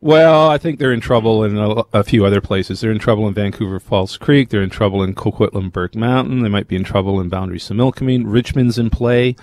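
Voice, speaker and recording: A man's voice: lowish voice, darkish tone, dry recording. Analytical male political commentator, dry sound. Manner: measured, analytical, stops to restart words. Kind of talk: radio panel discussion.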